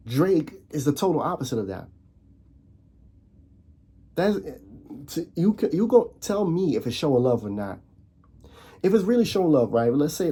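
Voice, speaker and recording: Dark and husky, this mid-range male voice belongs to a Dutch commentary vlogger ranting casually on camera. He loops back on himself, restarts often, and throws out rhetorical questions.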